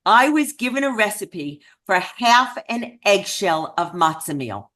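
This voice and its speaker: A woman's voice: medium pitch, big pitch swings, unhurried, hardly any pauses, a bit bright. A woman giving an earnest, self-deprecating storytelling talk to an audience. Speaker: speaker at a memorial event.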